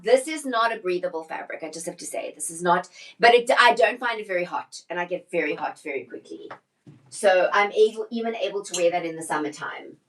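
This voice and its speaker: Woman, middle-aged, live-stream stylist, casual chat, slightly high voice, restarts sentences. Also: a bit bright, rough recording. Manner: chatty, answers viewer comments, trails off and restarts mid-sentence. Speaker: personal stylist hosting a live shopping stream.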